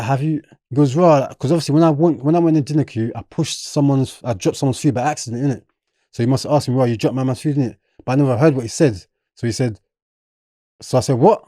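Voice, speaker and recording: In a clean studio recording with no echo, a mid-range male voice with a South London accent tells a story as a podcast guest. The young Londoner uses street slang and livens things up by performing the quotes of others.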